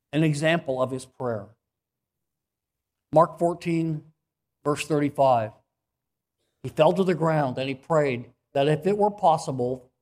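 A man preaching a sermon as pastor, earnest, repeating phrases and often clearing his throat. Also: a little high, darkish tone.

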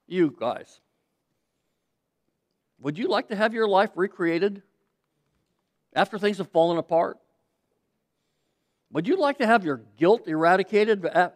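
A pastor delivering an emphatic sermon to a congregation, repeating key phrases and getting the audience to say words back with him. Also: male voice, high voice.

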